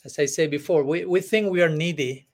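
A male spiritual teacher giving a devotional discourse in an earnest, halting way, often laughing between thoughts. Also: fairly high pitch.

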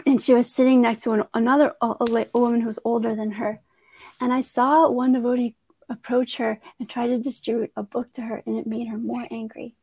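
A woman coach tells a personal story in an earnest, reflective way. Her voice sits a little high, and she often restarts her sentences as she thinks. The recording is close and dry. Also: flat delivery, fairly quick, a little mellow, breathy edge, no echo. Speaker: guest, transformative coach. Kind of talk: conversational storytelling.

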